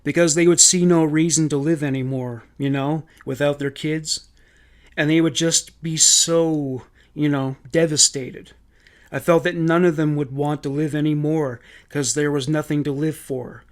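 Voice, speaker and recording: A man's voice: fairly high pitch, steady tone, natural voice. A man reading as a hesitant grieving daughter. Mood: somber. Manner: halting, hesitant testimony read aloud. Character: grieving young adult daughter testifying.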